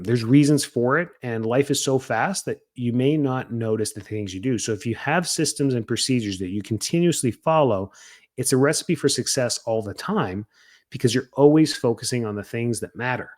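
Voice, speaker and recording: An energetic man talks casually as a coach for practice owners. His voice sits at an ordinary middle pitch, and he slips into little acted-out bits of what people might say. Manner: energetic and chatty, acts out quoted lines. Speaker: podcast host coaching chiropractors.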